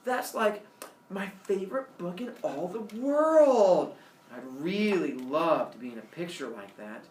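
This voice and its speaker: A man's voice: high voice, expressive, unhurried, darkish tone, far from the mic, voice pushed up. A man reading aloud and voicing a gushing, eager young female starlet, in a roomy room recorded from afar.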